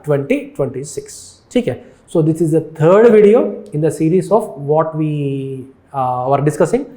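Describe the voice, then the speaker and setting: A man with an Indian accent gives an exam lecture in a high voice. He repeats his phrases and keeps asking the students yes or no. The room is echoey. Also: warm tone. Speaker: teacher.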